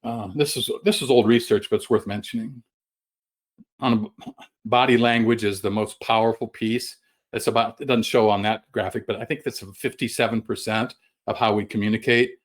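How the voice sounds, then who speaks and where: A middle-aged man presenting a webinar over a video call, folksy and halting, with many fillers and restarts. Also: lowish voice, steady tone. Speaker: guest sales trainer.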